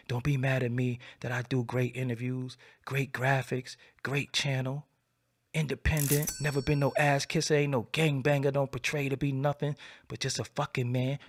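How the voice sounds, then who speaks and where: New guy ranting solo, gravelly voice, cocky, goes quiet then loud. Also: brisk. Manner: boastful, defiant, swings from low murmur to loud. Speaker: channel host. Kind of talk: late-night solo rant to camera.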